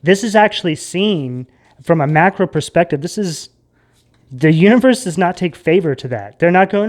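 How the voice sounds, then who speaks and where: A man's voice: sits high, animated, moderate pace. A man giving a casual tarot reading in a rambling, emphatic way that gets worked up. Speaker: tarot reader.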